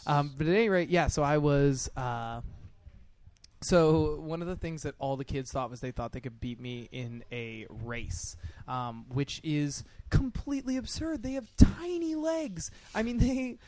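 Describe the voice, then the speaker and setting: A young man co-hosting a casual chat, telling animated stories, laughing often and acting out what others said. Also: on the high side, measured pace. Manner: animated storyteller, laughs often, acts out kids' taunts. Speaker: podcast co-host.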